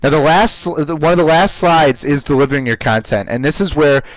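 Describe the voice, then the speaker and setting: A man teaching a live online class on running webinars, speaking in an energetic coaching manner and often repeating words as he goes. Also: fairly high pitch, a little fast, dry recording, low-quality recording. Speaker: webinar instructor.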